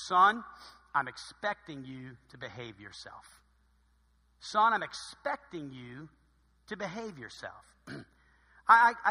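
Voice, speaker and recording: A male pastor delivers a sermon in a high, strikingly bright voice. He keeps it lively and joking, playfully acting out sayings. The sound carries a long reverb from a large hall. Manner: lively, joking, acts out his mother's sayings.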